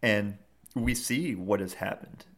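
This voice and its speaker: Low-voiced male co-host, rambling casual retelling. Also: takes it slowly, fairly bright tone. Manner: rambling retelling full of fillers. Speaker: podcast co-host. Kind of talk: casual chat.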